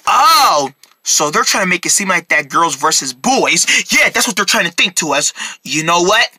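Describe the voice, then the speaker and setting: A man performing a comedy skit, voicing excitable characters who burst into shouts. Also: sits high, normal speed, husky, no echo.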